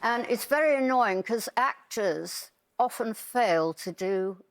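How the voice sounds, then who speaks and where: A woman hosting a quiz show, brisk and dry. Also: fairly high pitch, lively intonation, a little hiss or hum. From Liverpool.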